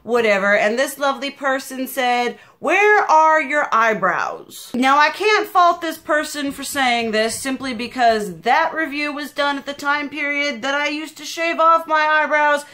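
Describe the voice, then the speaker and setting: A loud, emphatic young woman chats away in a casual beauty vlog. Her voice sits a little high and rings bright and forceful. She talks with real passion and leans hard on her words. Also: moderate pace, few pauses. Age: young adult. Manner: animated and chatty. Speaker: beauty vlogger.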